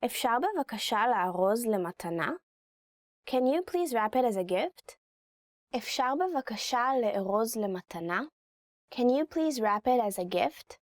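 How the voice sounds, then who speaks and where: A woman's voice: a little high, expressive, brisk, dry recording, clean studio sound. A woman teaching Hebrew phrases in a casual lesson, chatty and adding personal asides.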